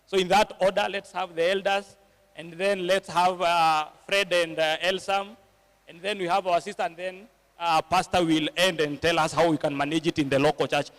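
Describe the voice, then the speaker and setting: A man's voice: sits high, level tone, moderate pace, fairly bright tone, in a large hall. A man moderating a church panel discussion, switching between English and Swahili, with frequent fillers and tag questions.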